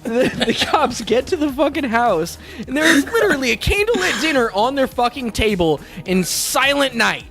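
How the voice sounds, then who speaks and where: A man's voice: extremely high pitch, moderate pace, creaky, hardly any pauses, soft background music. A young adult man co-hosting a podcast, ranting in casual chat and swearing freely. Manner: profane, animated ranting. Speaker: podcast co-host.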